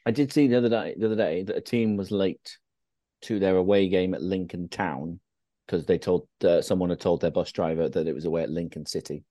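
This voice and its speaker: A man with a very low, mellow voice co-hosts a football fan podcast, telling stories with dry humour. The sound is close and dry. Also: a little fast, no room sound. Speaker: podcast co-host. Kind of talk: casual chat.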